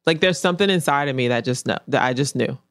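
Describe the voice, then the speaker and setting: A woman's voice: a bass voice, fast talker, no echo. A woman painter in a casual interview, speaking bluntly and repeating her main points for emphasis. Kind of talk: candid casual interview talk.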